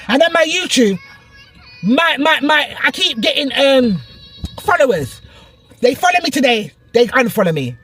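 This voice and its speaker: Excitable woman preaching to camera. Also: sits high, slightly rough. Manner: emphatic, repetitive, preachy and excitable. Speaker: online preacher. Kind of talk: impassioned prophetic encouragement vlog. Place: out and about, in a shop and a car.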